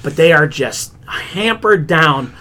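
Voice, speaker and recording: Higher-voiced guy rambling through wrestling gossip on a podcast. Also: animated, takes it slowly, pushed and bright. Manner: rambling, retells stories with lots of "he's like". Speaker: podcast co-host. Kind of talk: casual wrestling chat.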